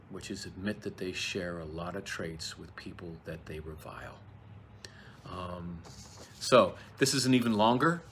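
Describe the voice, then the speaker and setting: A man's voice: low-pitched, a bit bright, a little hiss or hum. A man giving a chatty, rambling video lecture on a play, self-deprecating and full of asides.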